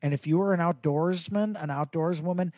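A man's voice: a little high, a little fast, darkish tone, dry recording, clean studio sound. A man hosting a casual chat show, enthusiastic and playful. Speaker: host.

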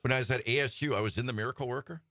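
Fast joking cohost guy, bright tense voice, bouncy pitch. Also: no echo, clean studio sound. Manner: quick, joking banter. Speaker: talk show co-host. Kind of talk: casual chat.

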